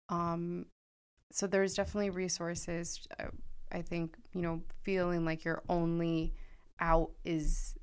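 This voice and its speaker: Smooth-voiced supportive podcast woman. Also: fairly low pitch. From Connecticut, United States. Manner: supportive, emphatic, says "literally" often. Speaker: podcast co-host. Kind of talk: casual podcast chat.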